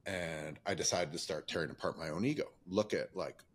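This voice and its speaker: A man's voice: low voice, brisk, slightly rough. A man in his fifties hosting a podcast, talking candidly and at length about his own life in a reflective, rambling way. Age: 50s. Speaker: podcast host. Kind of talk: reflective casual conversation.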